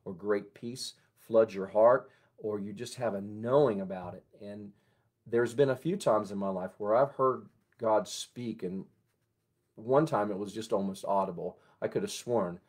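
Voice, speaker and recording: Gentle lower-voiced pastor giving a devotion. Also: male voice, unhurried. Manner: gentle and conversational, with soft prayerful passages. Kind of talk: morning devotional sermon.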